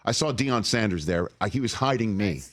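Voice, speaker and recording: A man hosting a sports talk show in a studio, interviewing a guest with eager, halting restarts. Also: fairly low pitch, expressive, no echo. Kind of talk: casual interview chat. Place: broadcast studio.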